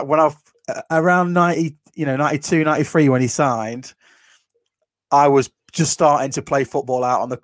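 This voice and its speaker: A man in his thirties hosting a casual chat, relaxed and a bit hesitant, telling stories with fillers. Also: medium pitch, dry recording.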